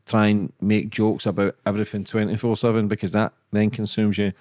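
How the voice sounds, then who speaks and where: A man's voice: lowish voice, flat delivery, fairly quick, a little mellow, no room sound, clean studio sound. A man hosting a podcast, blunt and encouraging, with lots of casual swearing. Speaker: podcast host. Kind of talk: casual interview chat.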